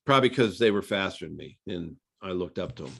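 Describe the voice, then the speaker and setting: A middle-aged man, a former pro quarterback, telling stories in a relaxed, conversational interview full of fillers. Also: low voice, quick pace, creaky. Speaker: former NFL quarterback, guest. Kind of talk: casual storytelling interview.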